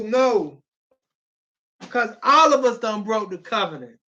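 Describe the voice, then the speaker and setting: A preacher delivering an emphatic, pleading sermon, reading scripture aloud with repeated phrases and bursts of shouting. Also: mid-range voice, a little slow, muffled recording.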